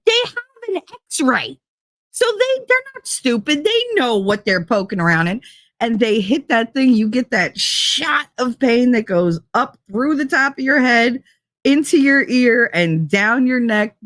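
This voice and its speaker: A giggly woman with a lilt hosts a loose, bawdy chat with her audience. Her voice sits fairly high and leaps all over the place, and she takes her time. The sound is close and dry. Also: a bit bright, no echo. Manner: giggly, frequent laughing fits, bawdy and loose. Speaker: livestream host reading chat. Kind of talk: casual chat.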